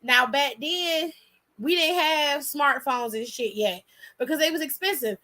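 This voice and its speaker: High, bright-voiced woman telling a story. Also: a little slow. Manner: blunt, profane and animated. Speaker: host. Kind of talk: casual storytelling.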